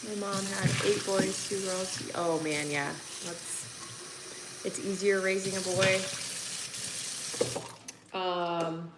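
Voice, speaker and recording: A woman in her thirties chats with viewers while doing dishes at home, talking into a phone. Her voice sits in an ordinary middle pitch, and she rambles, laughs easily and circles back to her points. A faint hiss sits under the home recording. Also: steady tone, slow pace, pauses often. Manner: chatty, rambling, laughs often. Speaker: vlogger and mother of three boys. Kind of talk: casual chat with viewers while doing chores. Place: home kitchen.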